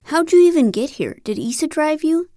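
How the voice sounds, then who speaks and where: A woman's voice: mid-range voice, normal speed, clean tone, dry recording, studio quality, lightly acted. A woman reading an audiobook, voicing a friendly, earnest man in his thirties who talks in an eager, chatty way. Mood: coaxing. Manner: chatty, eager, animated outbursts. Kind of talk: audiobook character voice.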